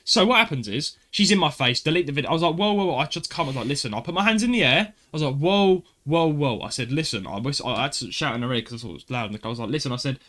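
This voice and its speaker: A man who hosts a podcast and tells a story in an animated way, acting out the dialogue with frequent "I was like" asides. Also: medium pitch, rapid-fire, few pauses. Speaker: podcast co-host. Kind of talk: casual storytelling.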